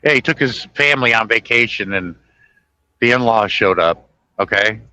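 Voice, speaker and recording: Bright-voiced man rambling on casually. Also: on the low side, normal speed, clear, resonant tone, no echo, low-quality recording. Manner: rambling, self-correcting movie retelling with chuckles. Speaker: host. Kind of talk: casual chat. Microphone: podcast microphone.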